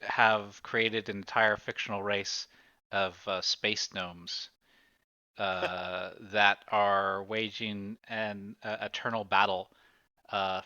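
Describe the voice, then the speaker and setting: A man runs a tabletop game at a slow, unhurried pace. His voice is bright and smooth, with dry, dull lo-fi sound and many filler pauses. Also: on the low side, no echo. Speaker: game master.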